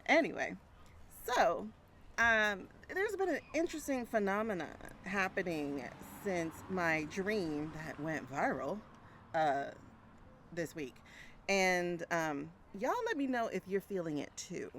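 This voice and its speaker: A woman's voice: fairly low pitch, lively intonation, slow pace, fairly bright tone. A woman, chatting casually to her viewers outdoors with a phone mic, laughing often. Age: 40s. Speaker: brand coach. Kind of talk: casual vlog chat. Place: outdoors by a street. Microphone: small mic plugged into a phone. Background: faint traffic.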